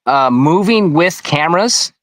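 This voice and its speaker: Higher-voiced man telling his story. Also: lively intonation, measured pace, fairly bright tone, no echo, rough recording. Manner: rambling, with many restarts and asides. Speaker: interview guest. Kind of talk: conversational interview, recounting events.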